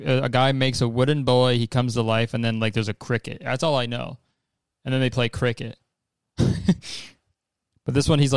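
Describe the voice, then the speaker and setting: A man's voice: medium pitch, no room sound, studio quality. A young man hosting a casual trailer reaction, rambling and joking with swearing. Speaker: host.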